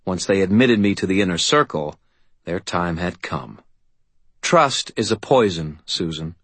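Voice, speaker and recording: Cold quiet traitor guy, low husky murmur, as the narrator reads him, audiobook. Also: measured pace, no echo, heavily acted. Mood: calm. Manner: quiet, calm, deferential murmur. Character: calm, ruthless, centuries-old male double agent.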